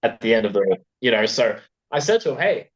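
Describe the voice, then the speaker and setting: A man's voice: on the low side, quick pace. Chatty Australian man, slightly muffled. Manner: animated, laughs often, lots of fillers. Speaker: fan filmmaker guest. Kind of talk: casual chat.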